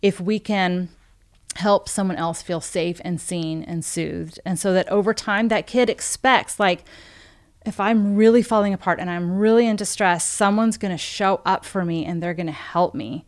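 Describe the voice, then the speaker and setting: Animated woman telling a coaching story. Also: on the low side, normal speed. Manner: animated storyteller who acts out quoted dialogue, with frequent "um" and "like". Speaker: parenting expert and coach. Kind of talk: podcast interview storytelling.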